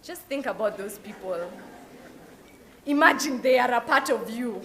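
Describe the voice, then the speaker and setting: A young Kenyan woman giving a lively motivational talk at an open day, mixing in Swahili phrases. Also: on the high side, measured pace, slight background noise. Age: young adult. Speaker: alumna speaker. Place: event hall at an open day.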